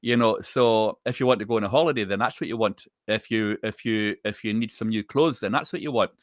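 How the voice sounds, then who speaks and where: A man co-hosting a chat show, calmly explaining advice and repeating his points. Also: on the low side, fairly quick, no room sound, studio quality. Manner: calm, explanatory, repeats phrases. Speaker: co-host.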